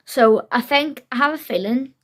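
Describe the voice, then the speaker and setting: A woman's voice: sits high, normal speed. A young woman, chatting casually at home in a rambling beauty vlog. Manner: rambling, self-deprecating, many fillers. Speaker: beauty vlogger.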